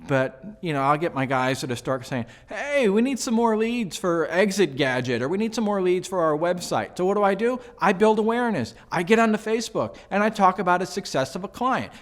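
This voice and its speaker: A man giving casual sales advice, chatty and animated, with jokes and asides to the viewer. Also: high voice, a little fast, hardly any pauses. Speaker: sales coach. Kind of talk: casual advice talk to camera.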